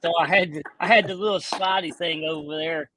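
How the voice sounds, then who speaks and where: Rambling bass angler, fairly high voice. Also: male voice, steady tone, fairly quick, a loud crowd, low-quality recording. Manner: rambling, heavy on "you know" fillers. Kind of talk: casual stream chat.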